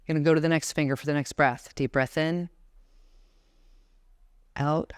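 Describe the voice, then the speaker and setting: Woman, 40s, motivational speaker at a live conference, smooth clear voice, coaching the room through exercises. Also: low voice, fairly even intonation, normal speed. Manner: coaching, guides the audience through breathing exercises. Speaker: guest speaker. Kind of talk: motivational talk to a live audience. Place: conference room before a seated audience.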